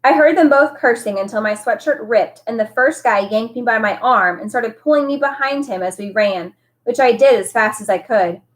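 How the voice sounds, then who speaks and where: A woman who teaches, reading a novel aloud with expressive storytelling. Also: a little high, moderate pace.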